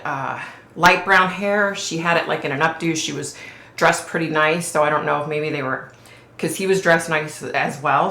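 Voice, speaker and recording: Low gravelly woman in an echoey room. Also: sharp tone. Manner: rambling, full of "like" and "okay?" check-ins. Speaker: psychic vlogger. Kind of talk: casual storytelling to camera. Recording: roomy echo.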